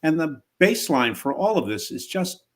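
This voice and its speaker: A man co-hosting a podcast in casual chat, speaking in a measured, thoughtful way with the odd chuckle. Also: fairly high pitch, sing-song. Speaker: podcast co-host.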